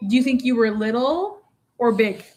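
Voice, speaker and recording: A woman's voice: on the high side, animated, moderate pace, a little mellow. A woman in her forties vlogging at home, talking to her young son in a playful, teasing, sing-song way. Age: 40s. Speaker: mother vlogging. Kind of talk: casual home vlog.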